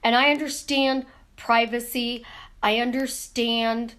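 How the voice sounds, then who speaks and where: Lively woman teaching in a live stream. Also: fairly high pitch, smooth. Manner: animated, talks with her hands, asks rapid rhetorical questions. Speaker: manifestation coach hosting a live stream. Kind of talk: casual teaching monologue. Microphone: camera in front of her.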